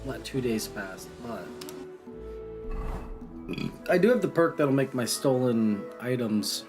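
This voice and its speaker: A man's voice: mid-range voice, animated, takes it slowly. A man casually commenting on his gameplay, rambling and muttering to himself as he plays. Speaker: gaming streamer. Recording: game music underneath.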